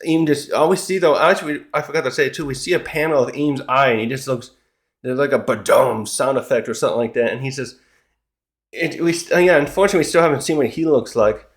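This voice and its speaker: A man's voice: mid-range voice, quick pace. A man giving a casual recap commentary of a comic chapter, rambling and often correcting himself. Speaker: manga chapter reviewer.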